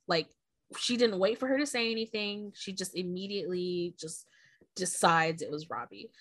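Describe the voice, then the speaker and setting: Woman podcast co-host, lowish pitch, dry close mic, chatty plot recap with plenty of swearing. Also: moderate pace, a bit bright, no echo. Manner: retells the plot, swears a lot. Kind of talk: casual book-club chat.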